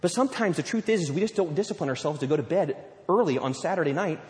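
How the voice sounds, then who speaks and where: A male pastor preaching a sermon, lively and conversational, acting out little scenes and quotes as he goes. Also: a little high, quick pace. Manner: animated preaching with playful acted-out quotes. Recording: long hall reverb.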